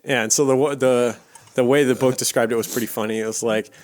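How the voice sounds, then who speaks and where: A man's voice: medium pitch, steady tone, fast, a little mellow. Laid-back man telling a true crime story. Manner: laid-back storytelling, swears casually, many fillers. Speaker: podcast co-host. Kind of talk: casual true crime podcast chat.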